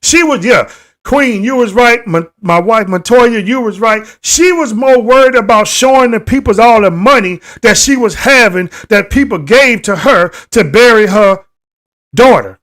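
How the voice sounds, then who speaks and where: Man, high-pitched, indignant live-stream host, repetitive, emphatic, talks straight to viewers. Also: animated, moderate pace, a bit bright. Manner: emphatic outbursts. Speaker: livestream host.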